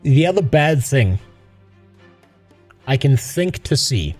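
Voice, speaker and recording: A man's voice: mid-range voice, sing-song, slow, a little mellow, faint music behind. A man ranting on a live stream about a game, profane and sarcastic. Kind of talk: casual live-stream rant.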